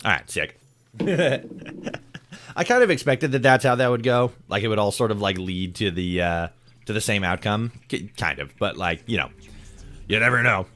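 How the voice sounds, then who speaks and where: A man streaming a video game, chatting casually with his viewers in a relaxed way, swearing and repeating himself. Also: lowish voice, moderate pace. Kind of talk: casual chat with viewers while gaming.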